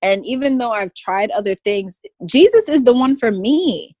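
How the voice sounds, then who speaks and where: A woman's voice: fairly high pitch, expressive, normal speed, darkish tone, no room sound. A woman speaking as a podcast guest in casual conversation, emphatic and goofy, often breaking into laughter.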